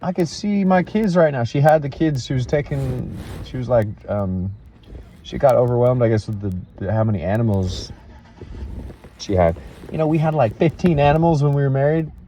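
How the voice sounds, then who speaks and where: A man telling an emotional personal story in a halting, earnest way, full of restarts and fillers. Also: mid-range voice, mellow, slight background noise, low-quality recording.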